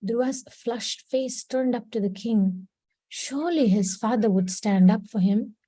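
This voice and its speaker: A woman reading a children's story aloud to a class, steady and clear, with short quoted voices for the characters. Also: a little high, a little slow, no echo, poor audio. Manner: reads steadily, slips into brief quoted voices. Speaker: class reader.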